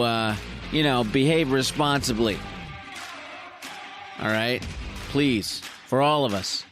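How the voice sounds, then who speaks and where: A male podcast host talks in a casual, joking monologue, poking fun at himself. His pitch swings widely as he goes. Faint music plays underneath. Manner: chatty, self-deprecating, joking asides.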